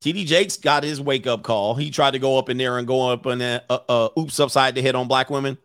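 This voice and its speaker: A man's voice: medium pitch, fairly even intonation, a little fast, fairly bright tone, clear, resonant tone, no room sound, studio quality. A man hosting a casual commentary show, joking, swearing and laughing often. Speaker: host.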